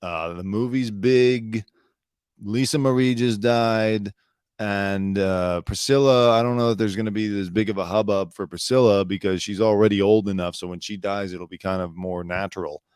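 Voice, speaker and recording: A man's voice: fairly low pitch, steady tone, moderate pace, darkish tone, clean tone, no echo. Dry-voiced sarcastic male commentator. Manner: sarcastic, rambling, swears freely. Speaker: show host. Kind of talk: casual solo commentary.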